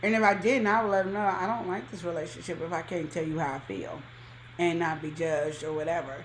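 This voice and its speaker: A woman's voice: fairly low pitch, fairly even intonation, fairly quick. Woman, podcast co-host, emphatic and colloquial, slightly echoey room, faint hiss. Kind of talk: casual relationship advice chat.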